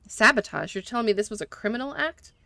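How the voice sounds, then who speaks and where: A woman's voice: fairly high pitch, animated, fast, vocal fry, sharp tone, no room sound, full character voice. A woman voicing a persistent male detective who asks blunt questions. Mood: probing.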